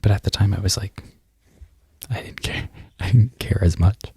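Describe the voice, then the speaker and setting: A man in a whispered ASMR ramble who loses his train of thought and laughs softly at himself. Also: low-pitched, normal speed, husky, no room sound. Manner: mostly unvoiced whisper. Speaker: crochet content creator.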